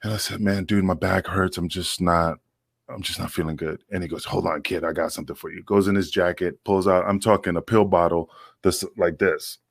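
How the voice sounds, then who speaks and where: A man's voice: deep voice, steady tone, brisk, creaky, husky, dry recording. A man, a former pro wrestler, telling locker-room stories in a loose, profane way with many fillers and restarts. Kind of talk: casual storytelling.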